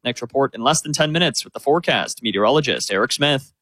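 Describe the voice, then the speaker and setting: A man giving a radio traffic report as a brisk running list, with small fillers, from a studio. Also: medium pitch, expressive, sharp tone, no echo. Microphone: studio microphone.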